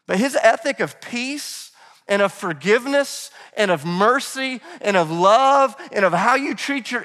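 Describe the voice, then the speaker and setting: A man with a fairly high voice preaches a sermon in a loose, conversational way, as if talking with friends. He leans into the quoted voices of the people in the scripture he reads. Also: a bit bright. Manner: conversational preaching, calls the congregation "guys". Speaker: pastor. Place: church in Nashville.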